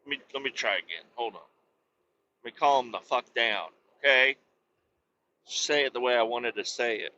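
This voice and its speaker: Bright-voiced profane man telling stories. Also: mid-range voice, normal speed, long pauses, highs cut off. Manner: rambling, swears a lot, rants loudly when interrupted. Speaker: podcast host. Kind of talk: profane comedic storytelling.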